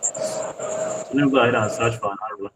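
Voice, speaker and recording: A man's voice: mid-range voice, normal speed, background noise. A man tutoring a graphic design class, talking through each step on screen and repeating points to check his students follow. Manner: patient, repeats himself while working on screen. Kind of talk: screen-share tutorial walkthrough.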